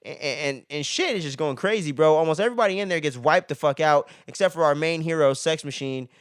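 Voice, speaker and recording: A man's voice: fairly high pitch, fast, dry recording, studio quality. Laid-back, profanity-heavy man reviewing a film. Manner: slangy and profane, ends many phrases with "man". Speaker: movie reviewer. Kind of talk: casual spoiler movie review.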